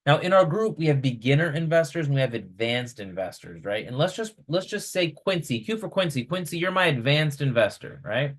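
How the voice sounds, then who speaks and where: A man coaching real estate investors in a casual, energetic style on a video call, checking in with "right?" all the time. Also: on the high side, brisk, few pauses. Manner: energetic, chatty, keeps asking "right?".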